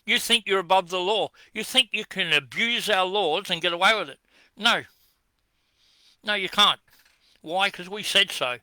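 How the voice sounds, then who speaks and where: Australian man with a high, bright voice, combative monologue, dry close sound, answers his own questions. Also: normal speed, long pauses, smooth, no echo. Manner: combative, accusing, rhetorical questions. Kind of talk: ranting address to camera.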